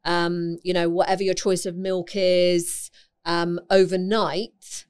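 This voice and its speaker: A woman's voice: fairly low pitch, flat delivery, takes it slowly, a little mellow, clear, resonant tone. A woman, a naturopath guest in a podcast interview, explaining nutrition in a chatty, explanatory way. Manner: chatty, explanatory, laughs easily. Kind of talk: casual interview chat.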